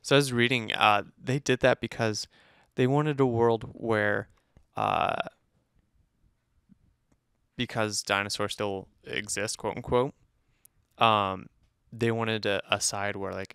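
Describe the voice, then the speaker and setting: A man's voice: lowish voice, steady tone, takes it slowly, vocal fry, a bit bright, clear, resonant tone, no room sound, studio quality. A man co-hosting a movie review podcast, chatting casually and teasing his co-host in a loose, rambling way.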